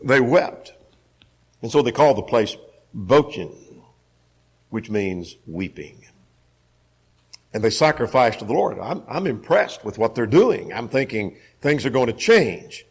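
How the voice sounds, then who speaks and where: Man, Bible class teacher, very expressive pitch, repeats phrases for emphasis, questions the class. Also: measured pace, slightly rough.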